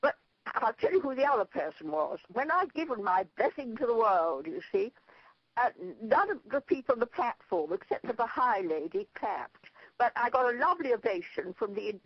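Husky and fairly high-pitched, this older woman from Ireland speaks at a moderate pace as an interview guest and spiritual leader. She rambles through lively stories, laughing at them herself, on a lo-fi recording with no room sound.

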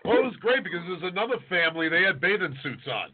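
An easygoing man co-hosting a casual podcast and laughing often. His voice is a bit higher than most men's. The audio is narrow and lo-fi, like a phone line. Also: very animated, fast talker. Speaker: co-host and chef.

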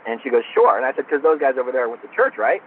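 A man's voice: mid-range voice, rapid-fire. A man from Florida as an interview guest, telling an anecdote casually and acting out the dialogue. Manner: animated anecdote teller, acts out dialogue. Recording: tinny phone line with faint noise.

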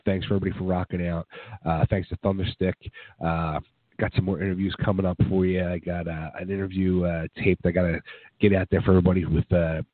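A man hosting a rock radio show, hoarse from a cold, rambling casually with lots of fillers as he wraps up. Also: deep voice, no room sound. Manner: rambling, filler-heavy, laid-back. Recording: dry, phone-like narrow sound.

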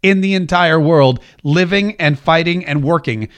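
A man's voice: on the high side, moderate pace. A man hosting a political podcast and radio show, giving emphatic commentary and repeating phrases for stress. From United States.

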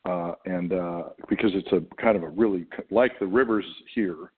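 A man's voice: low-pitched, normal speed, breathy edge. A middle-aged American man, an actor, talking thoughtfully in an interview with many fillers and restarts. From United States. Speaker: actor guest. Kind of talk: casual interview talk. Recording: tinny phone-like line.

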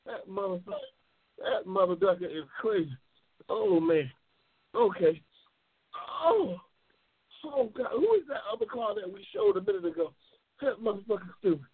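A man hosting a loose call-in talk show, excitable and profane, yelling and laughing at his callers. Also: very high voice, fairly quick, breathy edge. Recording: tinny phone-like audio.

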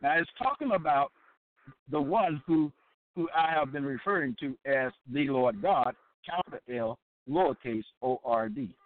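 A man giving a sermon-style Bible lesson, deliberate and repetitive, often stopping to check that listeners follow. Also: mid-range voice, lively intonation. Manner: deliberate and repetitive, with many fillers and check-ins. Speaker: Bible teacher. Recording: tinny phone-like line, dry.

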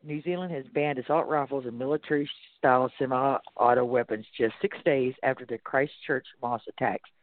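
A man with a Texas accent, hosting a talk radio show in a loose, casual way, stopping to read out articles and then weigh in on them. His voice sits at an ordinary middle pitch. It comes through a narrow, phone-like line that sounds dry and close. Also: no room sound. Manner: reads articles aloud and comments. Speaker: radio host.

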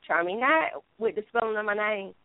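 A woman's voice: mid-range voice, animated, brisk, heavy background noise. A woman co-hosting a talk show, playful and emphatic as she jokes with the others. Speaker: co-host. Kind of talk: casual joking banter. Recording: tinny phone-quality line.

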